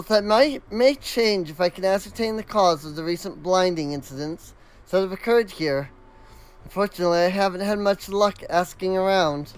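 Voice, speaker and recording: A man's voice: high voice, smooth, close to an everyday voice, low-quality recording. A man voicing an earnest young woman hunter from a remote village, polite and with a put-on accent.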